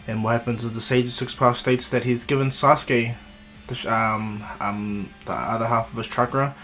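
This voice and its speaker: A man narrating an improvised fan story in a casual, rambling way, often pausing and restarting. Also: mid-range voice, rough recording.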